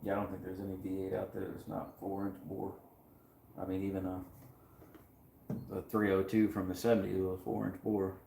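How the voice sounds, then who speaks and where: A man's voice: deep voice, completely flat delivery, fairly quick, creaky, long pauses, dark tone, slight background noise. Man, livestream host, casual shop talk, jokey, echoey garage. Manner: jokey, laughs often, does mock accents. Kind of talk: casual chat while working on cars.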